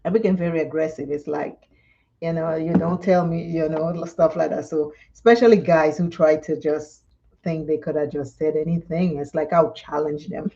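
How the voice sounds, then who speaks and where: A woman's voice: deep voice, steady tone, moderate pace, mellow, lo-fi sound, slight background noise. A woman from Dominica, chatting and telling stories during a live makeup tutorial and laughing often. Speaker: makeup vlogger.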